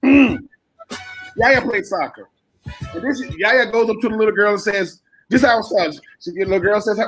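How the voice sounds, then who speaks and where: A man's voice: sits high, moderate pace, fairly bright tone, soft background music. A man co-hosting a sports radio show, animatedly telling stories about his kids in casual chat. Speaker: radio co-host.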